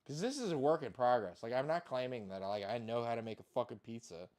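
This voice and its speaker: A man's voice: mid-range voice, lively intonation, fast talker, a little mellow. Rambling, swearing man cooking at home. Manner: rambling, self-deprecating, swears casually. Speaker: home cook vlogger. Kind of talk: casual kitchen chat.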